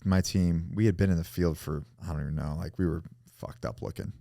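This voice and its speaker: A man's voice: low-pitched, fairly even intonation, fairly quick, creaky, mellow, no echo, studio quality. A man in his thirties hosting a casual, profane podcast interview and telling a story. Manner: casual, profane, agreeable with frequent yeahs. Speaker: podcast host.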